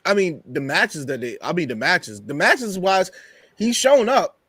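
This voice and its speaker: A man's voice: high-pitched, big pitch swings, measured pace, a bit bright, husky, no echo. A man co-hosting a wrestling review show, speaking hesitantly with many restarts in casual chat. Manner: hesitant, restarts often, laughs easily.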